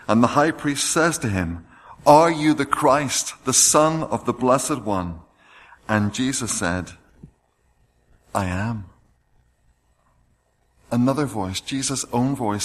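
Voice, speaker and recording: A man's voice: medium pitch, a little hiss or hum. Man preaching a sermon. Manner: reads scripture aloud with rising emphasis.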